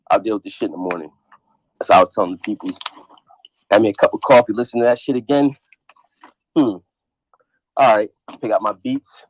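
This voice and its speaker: A man's voice: lowish voice, a little fast, pauses often, poor audio. A man hosting a casual podcast chat, talking bluntly with heavy profanity. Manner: profane, animated, blunt trash talk. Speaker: podcast host.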